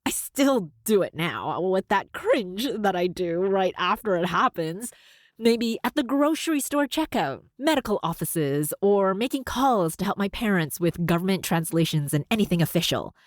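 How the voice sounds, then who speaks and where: A woman's voice: mid-range voice, sing-song, moderate pace, no room sound, clean studio sound. A woman hosting a solo podcast. She speaks with a slight lisp, ends sentences with an upward lift, and laughs often. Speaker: podcast host.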